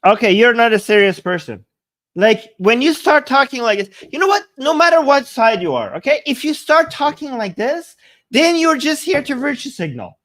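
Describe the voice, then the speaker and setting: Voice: high-pitched, very animated, moderate pace, fairly bright tone. Emphatic, argumentative political commentator. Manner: argumentative, emphatic, rhetorical questions, mocking. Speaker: political commentator reacting to a debate clip. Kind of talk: reaction commentary.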